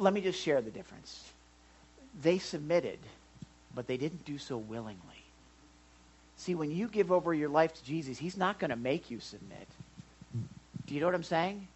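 Animated male preacher with a lively voice. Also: a little high, normal speed, pauses often, breathy edge, rough recording. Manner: animated, swings from loud to hushed, asks the congregation questions. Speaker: pastor. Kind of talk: sermon.

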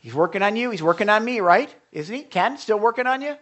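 Male pastor, slightly high voice, conversational sermon with restarts and fervent swells. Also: expressive. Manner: conversational, swings from hushed asides to impassioned outbursts; halting restarts and repetitions.

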